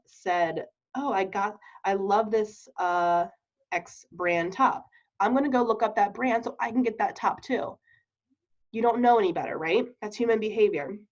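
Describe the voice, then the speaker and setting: A woman giving a casual training talk on network marketing, chatty and laughing often, checking in with her listeners. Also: mid-range voice. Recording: dull lo-fi recording.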